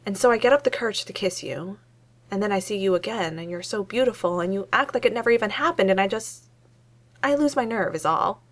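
A woman's voice: medium pitch, expressive, a little fast, close to an everyday voice. A woman reading aloud voices a sheepish, earnest young male hero, close to her own voice.

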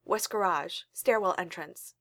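A woman's voice: lowish voice, measured pace, a bit bright, no echo, studio quality. A woman voicing a loving, protective father in a storybook reading, speaking earnestly. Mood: urgent. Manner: earnest and emphatic.

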